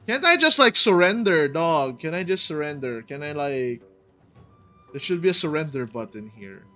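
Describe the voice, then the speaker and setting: A gaming video host giving let's-play commentary, exasperated and prone to loud outbursts and repeated exclamations. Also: medium pitch, lively intonation, normal speed, faint music behind.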